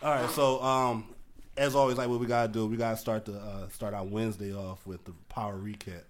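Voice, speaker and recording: A man's voice: lowish voice, little pitch movement, brisk. Laid-back swearing podcast man. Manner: loose, laughing, swearing freely. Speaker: podcast co-host. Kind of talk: casual profane chat.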